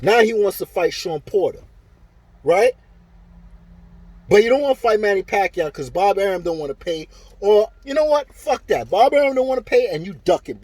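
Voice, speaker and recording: A boxing commentary vlogger vents an angry opinion rant to camera, heated, profane, and repeating himself. His male voice is high and slightly rough, in a dry recording.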